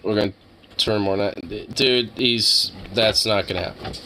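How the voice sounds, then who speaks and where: A man's voice: fairly low pitch, fairly even intonation, moderate pace, pushed and bright, slight background noise, low-quality recording. A young man streaming live, chatting casually with his viewers in a rambling, joking way full of filler words.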